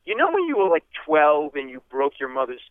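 A man telling a comic story in an interview, animated and acting out the people in it. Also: on the high side, fairly quick, dry recording. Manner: animated, acts out voices. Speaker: guest comedian. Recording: tinny phone-like line.

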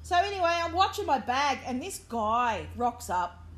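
A woman's voice: high voice, big pitch swings, normal speed, a bit bright, a little hiss or hum. A woman co-hosting a casual chat, brash and teasing, swearing freely.

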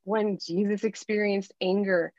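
A woman in her thirties talks candidly as a podcast guest, with animated storytelling. Her voice sounds dry and close, with no room around it. The audio is dull and lo-fi. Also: mid-range voice, a little slow, no echo. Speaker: guest, life coach. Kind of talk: podcast interview.

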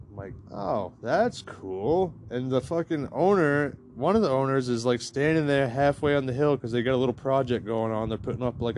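A man's voice: mid-range voice, slight background noise. A man telling a personal story in a casual, rambling way, swearing freely and filling his talk with "like.". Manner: profane, rambling, heavy use of "like". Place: campground in New Mexico.

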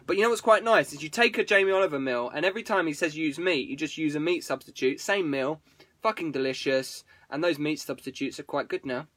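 A man's voice: a little high, a little fast, a bit bright, no room sound. A man hosting a live stream, rambling casually to viewers, swearing freely and breaking off his own sentences. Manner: rambling, sweary, self-interrupting.

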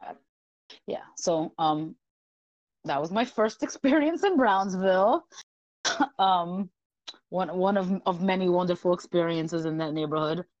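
Woman podcast guest, animated storyteller, swears freely, laughs through it, dry close sound. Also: fairly low pitch, a little slow, pauses often, dry recording, lo-fi sound. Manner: animated, profane, laughs often. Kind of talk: casual storytelling.

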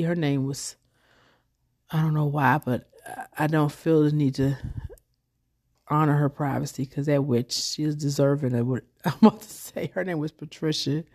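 Woman, young adult, low-ish voice, casual personal story, rambling and chatty. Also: measured pace, long pauses, darkish tone. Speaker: podcast host.

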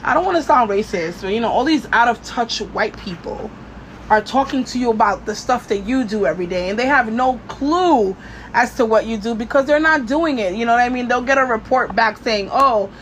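A woman's voice: fairly high pitch, expressive, a little fast, a little hiss or hum. Blunt, profane woman podcaster venting. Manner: blunt, profane, lots of "you know". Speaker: podcast host. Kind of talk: casual venting monologue.

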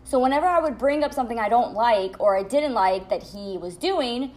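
A young woman talks straight to her viewers from home, telling a story about an ex in a blunt, cussing, animated way. Her voice sits on the higher side. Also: fairly quick. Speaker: vlogger. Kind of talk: storytime monologue.

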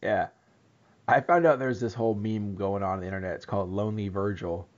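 A man co-hosting a casual podcast chat, animated, laughing and swearing freely. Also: lowish voice, brisk, dull audio. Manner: animated, profane, laughs often. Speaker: podcast co-host.

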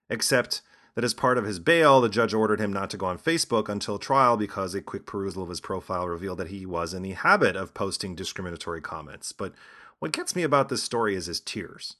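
A man's voice: on the low side, a bit bright. A man hosting a podcast with scripted commentary and a sardonic, lecturing manner. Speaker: podcast host.

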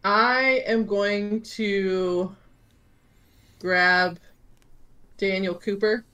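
A woman player deliberately describing her character's actions in a tabletop game. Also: medium pitch, fairly even intonation, a bit bright, smooth. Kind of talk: casual chat at a tabletop game.

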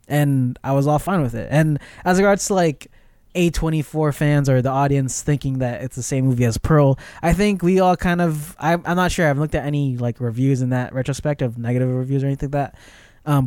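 Man, podcast co-host, casual film chat, rambling, smooth voice, dry close mic. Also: medium pitch, no echo. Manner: rambling, filler-heavy, animated retelling.

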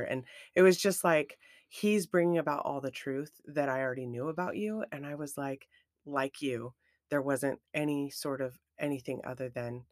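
A woman co-hosting a podcast, talking in a casual, emotional and expressive way about a friendship. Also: rumbling low, normal speed, no echo, clean studio sound. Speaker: podcast co-host. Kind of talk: casual chat.

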